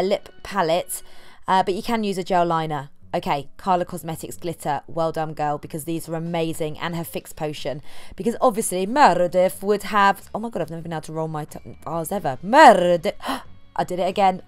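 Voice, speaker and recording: A woman's voice: fairly low pitch, clean tone. A chatty, giggly woman walking viewers through a makeup tutorial, joking at herself as she goes. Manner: chatty, giggly, self-mocking. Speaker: makeup artist.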